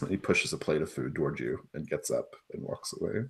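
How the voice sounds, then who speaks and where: A man narrating a tabletop game as game master, relaxed and improvising with many fillers. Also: rumbling low, fairly quick.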